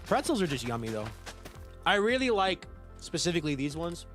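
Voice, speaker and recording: A man's voice: a little high, sing-song, a little fast, music in the background. An American man live-streaming a game, chatting casually and answering his viewers' messages as they come in. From United States. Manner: chatty, answers viewers' chat aloud while playing.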